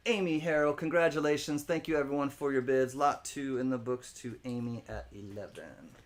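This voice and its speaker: A man's voice: mid-range voice, moderate pace, few pauses. A man hosting a live-stream coin auction, calling bids, greeting viewers by name and cracking jokes between lots. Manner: jokey, rambling, laughs often, chats with viewers by name; spells out words letter by letter for fun.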